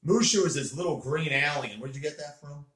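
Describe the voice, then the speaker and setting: A man's voice: on the high side, brisk, fairly bright tone. A man hosting a casual chat with a child, explaining things in an earnest, lecturing way while sitting on a bed indoors. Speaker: host. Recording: roomy echo.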